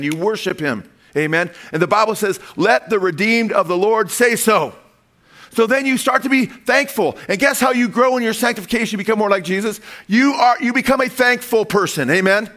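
Middle-aged pastor guy preaching, lively, keeps asking amen, a bit high voice. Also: brisk. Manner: animated preaching with call-and-response amens. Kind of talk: sermon.

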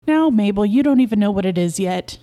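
A woman voicing an excitable, proud middle-aged beekeeper husband who coaxes and insists, in a storybook reading. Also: mid-range voice, fairly quick, lightly acted. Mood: excited.

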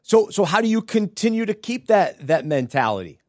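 A man hosting a podcast, asking interview questions in a halting way and repeating words as he goes. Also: sits high, big pitch swings, a little mellow, no echo, clean studio sound. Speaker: podcast host.

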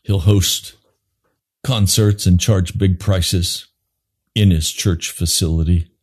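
A man preaching an impassioned sermon, swinging from low grave tones to high urgent pleading. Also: steady tone, takes it slowly, darkish tone, husky.

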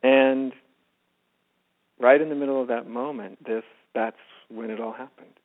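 Soft-spoken man on a tinny phone line. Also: medium pitch, fairly even intonation, a little slow. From United States. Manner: soft-spoken, often drops to a hushed voice. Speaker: spiritual teacher, guest. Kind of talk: reflective personal storytelling.

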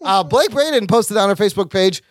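High-voiced excitable podcast host man. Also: fairly quick, very noisy. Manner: excitable, laughs often, reads listener mail aloud. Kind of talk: casual podcast chat.

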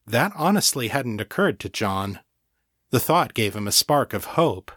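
A man narrating a fantasy novel in a calm, measured way, close to the mic. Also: mid-range voice, no echo. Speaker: audiobook narrator. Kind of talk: scripted narration.

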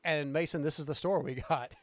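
A man hosting a casual podcast, excitable and rambling, who swears freely. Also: fairly high pitch, fast, no echo. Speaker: podcast host.

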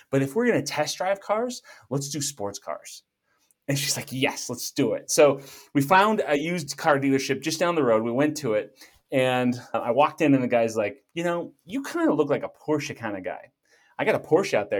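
Middle-aged male guest, lively jokey storyteller, conversational. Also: medium pitch. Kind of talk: casual storytelling.

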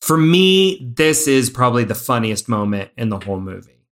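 A man in casual podcast conversation about a movie, talking in a middle-pitched voice. He gets animated, rambles, and keeps restarting his sentences with fillers. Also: moderate pace. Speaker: podcast co-host. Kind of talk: casual film review chat.

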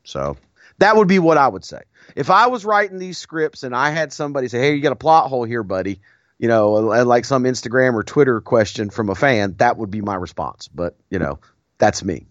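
A man's voice: mid-range voice, animated, fairly quick, fairly bright tone, no room sound, dull audio. A man co-hosting a podcast in casual chat, rambling and digressing with frequent restarts. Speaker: podcast co-host.

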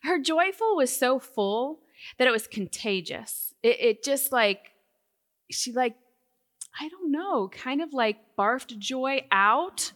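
A woman speaking at a Christian women's conference, telling a personal story with lively, animated delivery, recorded live in a hall. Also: high-pitched, slow pace. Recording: hall reverb from a live venue.

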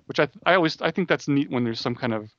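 A man co-hosting a casual podcast chat, rambling quickly with frequent restarts. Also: mid-range voice, a bit bright, no room sound. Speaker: podcast co-host. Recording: dull dry close-mic audio.

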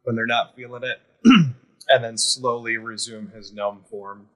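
A man's voice: medium pitch, steady tone, unhurried, a bit bright, rough recording. A man playing a tabletop role-playing game, describing his character's actions hesitantly and thoughtfully. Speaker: player.

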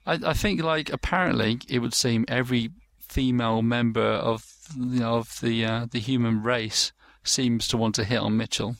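Man, gravelly, dry close sound, rambling casual chat, many fillers. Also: medium pitch, fairly even intonation, normal speed, hardly any pauses, no echo. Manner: rambling, many fillers and restarts, acts out quotes.

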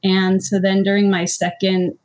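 A woman's voice: medium pitch, completely flat delivery, normal speed, darkish tone. A woman author being interviewed, answering modestly and hesitantly, with many fillers. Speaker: author, guest.

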